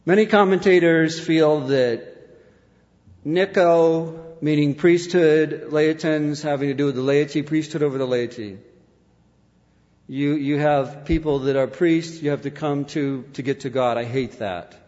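A man's voice: fairly high pitch, unhurried. Fervent male preacher in echoing hall. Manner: fervent, swings from loud declaiming to hushed intensity. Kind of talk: sermon. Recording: dull lo-fi sound with long hall reverb.

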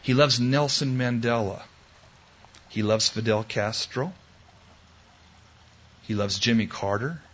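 A man preaching a sermon, swinging from loud exclamations to hushed, tender quoted words. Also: mid-range voice, slow pace, pauses often. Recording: dull lo-fi recording.

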